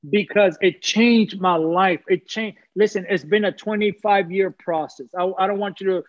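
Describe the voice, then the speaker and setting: Man, high voice, heartfelt testimony, preacherly repetition; dry, slightly muffled audio. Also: moderate pace, dry recording. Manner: earnest, preacherly, repeats phrases for emphasis. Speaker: guest sharing testimony. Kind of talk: emotional personal testimony.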